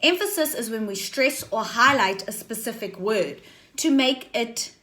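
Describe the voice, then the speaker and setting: A woman's voice: a little high, expressive, bright, forceful tone. A woman teaching a drama lesson to her class, explaining step by step and often checking in with "okay?" and "right?". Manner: slow, deliberate explaining.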